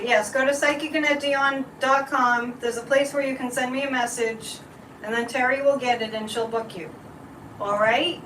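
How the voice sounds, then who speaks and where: A woman psychic, voice a little high, hosts a casual livestream of card and tea leaf readings, chatting and rambling directly to her viewers. The mic is distant, giving a roomy sound with background noise.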